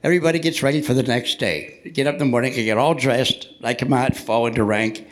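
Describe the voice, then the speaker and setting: An older man, a Navy veteran with a medium-pitched, steady voice, speaks fast while telling jokey stories live to an audience in a church hall. His storytelling is punchline-driven and chatty with the crowd.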